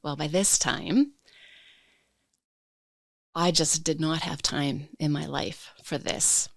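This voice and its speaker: A woman podcast guest telling a personal story in a slow, reflective way, reliving the emotions. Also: sits low, steady tone, vocal fry, no echo, studio quality.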